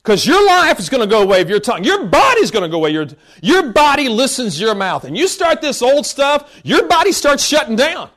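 Very high-voiced emphatic male preacher. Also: sing-song. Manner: emphatic preaching that bursts into shouts; scolding, drawn-out emphasis. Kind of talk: sermon.

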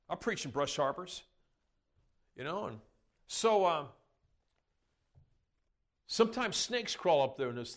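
A man preaching, telling rambling folksy stories and laughing along at them. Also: a little high. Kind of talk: sermon storytelling.

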